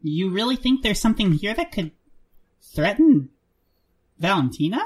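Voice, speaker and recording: A woman playing a tabletop game in character, hesitant and halting with many fillers. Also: mid-range voice, sing-song, a little mellow, breathy edge. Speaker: player. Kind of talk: in-character tabletop role-play.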